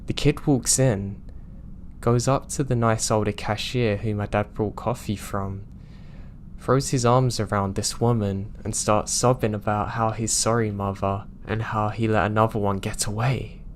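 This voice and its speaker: A man with a fairly low voice narrates horror stories sent in by listeners. His delivery is calm and even, in a steady scripted storytelling style, with a faint bed of background noise. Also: measured pace.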